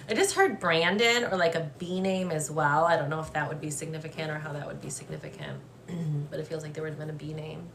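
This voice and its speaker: A young adult woman giving a live-streamed psychic reading, gentle and emotional, hesitant with many fillers and restarts. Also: deep voice, a little fast, slight background noise. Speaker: medium.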